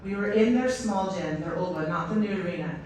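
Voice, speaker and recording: A woman with a fairly low voice speaks briskly, heard from far off through an echoey stadium PA with background noise at an outdoor stadium. She's a head volleyball coach and guest speaker, telling stories enthusiastically to the crowd with many fillers.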